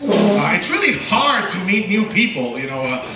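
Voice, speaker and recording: A man's voice: high-pitched, big pitch swings, normal speed, pushed and bright, slight background noise. A man with a Puerto Rican accent doing a stand-up comedy set in a small bar, playful and teasing the crowd. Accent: Puerto Rican Spanish. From Puerto Rico. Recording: distant, echoey bar recording. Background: crowd laughter.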